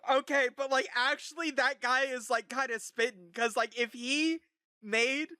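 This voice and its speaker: A streamer talks over a video in live reaction commentary, with a bright, sharp tone up close on a dry mic. The talk rambles through fillers and spills into disbelieving giggles. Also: high voice, steady tone, a little slow, no room sound.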